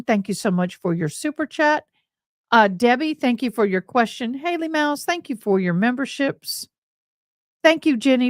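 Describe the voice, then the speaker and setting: A chatty Texan woman runs a casual livestream, her voice sitting a little high. She sounds bubbly and friendly, saying y'all a lot. The recording is dry and close. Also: no echo. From Tennessee, USA. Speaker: livestream host.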